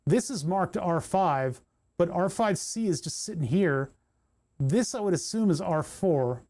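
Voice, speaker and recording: Mellow-voiced man muttering while soldering. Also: high-pitched, expressive, a little slow. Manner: explains steps, then mutters and swears in frustration while searching. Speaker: streamer building electronics kits. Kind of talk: casual livestream commentary while soldering.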